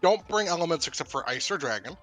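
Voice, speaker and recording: Guy w a sharp bright voice explaining game stuff to his friends while they play. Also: on the high side, animated, fast talker, faint music behind. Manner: knowledgeable, explaining game details. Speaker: co-player. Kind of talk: casual gaming chat.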